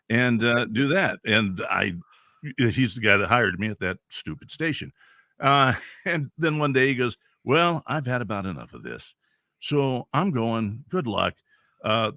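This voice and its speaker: A man in his sixties from Central California, a veteran radio DJ telling stories as a podcast guest in an animated, chuckling way. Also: lowish voice, no echo, studio quality. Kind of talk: casual storytelling.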